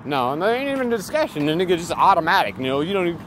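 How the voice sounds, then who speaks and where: A man's voice: fairly high pitch, very animated, rapid-fire. A man giving a rambling, profane, emphatic monologue outdoors near traffic. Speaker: vlogger. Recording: loud street and vehicle noise.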